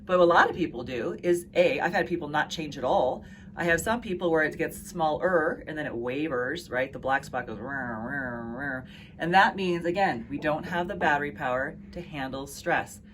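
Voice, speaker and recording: Low-pitched woman, chatty health practitioner talking straight to camera, faint background hum. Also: moderate pace, a bit bright. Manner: conversational, chatty, asks "right?" and "okay?" often. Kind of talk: casual health talk to camera.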